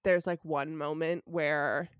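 A woman co-hosting a podcast, recapping a book in casual chat, filling her talk with "like" and telling it with animated energy. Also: sits low, takes it slowly, clear, resonant tone, dry recording, clean studio sound. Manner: chatty, heavy use of "like" fillers; animated storytelling. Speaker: podcast co-host.

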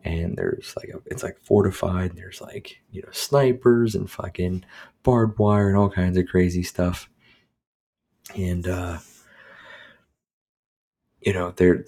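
A man's voice: low voice, creaky, dark tone, husky. A man hosting a casual solo podcast at home, reviewing a movie in a rambling, profane way full of fillers and restarts. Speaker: podcast host. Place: home recording with his dog nearby.

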